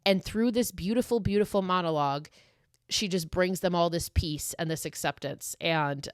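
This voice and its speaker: A woman's voice: fairly low pitch, normal speed, smooth, no room sound, studio quality. A woman hosting a podcast solo, talking casually and emotionally, gushing and swearing freely. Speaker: podcast host.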